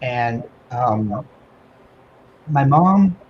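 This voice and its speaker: A man guest on a talk radio show, telling an emotional personal story in a casual, animated way with many fillers. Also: medium pitch, drawn-out words, muffled recording. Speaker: guest medium and author.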